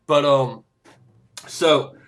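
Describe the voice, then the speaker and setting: A man giving casual, excitable commentary over a game, swearing freely and breaking into laughs and shouts. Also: very slow. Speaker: gameplay commentator. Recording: noisy low-quality game capture audio.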